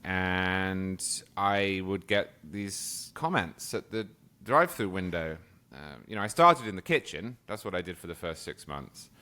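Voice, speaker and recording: A man's voice: low-pitched, lively intonation, a little slow, sharp tone. A man with a posh English accent, a guest chatting casually and telling stories with frequent laughs. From England. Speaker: podcast guest. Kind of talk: casual conversation.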